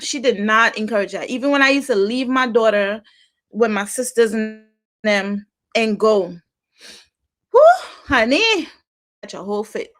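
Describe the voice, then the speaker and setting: A woman's voice: fairly high pitch, lively intonation, a little slow, long pauses, a bit bright. A middle-aged woman hosting a podcast, talking in a chatty monologue, repeating herself and laughing often. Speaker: podcast host. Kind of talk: casual monologue.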